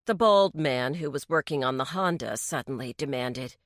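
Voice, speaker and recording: A woman narrating a mystery story in a slow, even storytelling delivery. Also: extremely low pitch, dry recording, clean studio sound. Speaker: audiobook narrator. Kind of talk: scripted narration.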